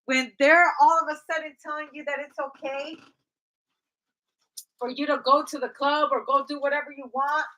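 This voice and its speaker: A woman's voice: high voice, little pitch movement, moderate pace, sharp tone, rough recording. A woman giving a casual tarot reading in a blunt, chatty, profane way. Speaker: tarot reader.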